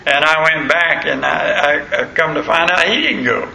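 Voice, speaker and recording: Gravelly older preacher. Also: male voice, a little high, normal speed, sharp tone, slight background noise. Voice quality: gravelly, homespun. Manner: plain-spoken, storytelling, frequent "uh" fillers. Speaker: pastor. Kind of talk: folksy sermon. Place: church sanctuary. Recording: echoey church sanctuary.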